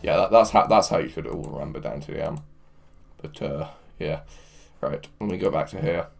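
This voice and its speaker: A man's voice: low-pitched, fairly quick, gravelly. A man hosting a livestream, reading chat aloud in a crude, joking way and laughing often. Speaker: livestream host. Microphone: headphones with mic.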